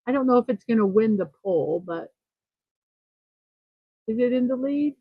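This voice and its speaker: A woman's voice: a little high, a little slow, long pauses, dry recording, muffled recording. A woman hosting a casual livestream morning show, chatting, reading viewer comments aloud and fumbling a little with numbers.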